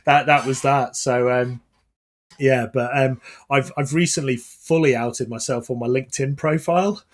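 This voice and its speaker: A man's voice: medium pitch, fairly even intonation, normal speed. A man hosting a podcast, telling anecdotes in a casual, rambling way with lots of ums and restarts. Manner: rambling anecdotal storytelling with many fillers. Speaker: podcast host.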